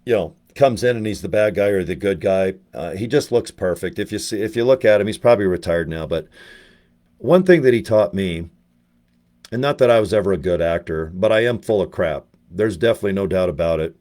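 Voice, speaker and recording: Low-voiced man telling rambling stories. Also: fairly quick. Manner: rambling, animated, jumps between anecdotes. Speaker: network marketer. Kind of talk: casual storytelling to camera.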